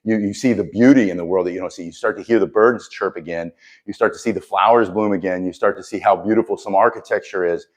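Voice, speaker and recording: Middle-aged male instructor, lowish voice, earnest motivational vlog talk, casual restarts. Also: fast talker. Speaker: self-defense instructor. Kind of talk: casual direct-to-camera talk.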